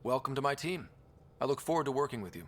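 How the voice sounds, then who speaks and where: An actor playing a calm young male expedition leader who speaks plainly. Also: mid-range voice, fast talker, natural voice.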